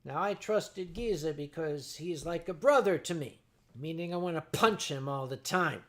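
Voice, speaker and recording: A man hosting a livestream, telling a story to his chat in a sardonic, animated way and acting out his own shouting. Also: a little high, normal speed. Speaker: livestream host.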